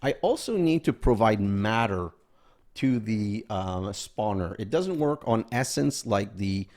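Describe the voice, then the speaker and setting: A man's voice: lowish voice, animated, a little slow, a little mellow. A man hosting a gaming video, casually commenting as he plays and thinking aloud, sometimes counting items under his breath.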